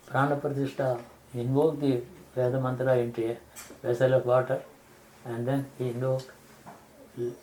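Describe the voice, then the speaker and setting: A man giving a spiritual discourse, explaining slowly and restarting phrases to rephrase his examples. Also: medium pitch, dark tone, a little hiss or hum, poor audio. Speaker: spiritual teacher.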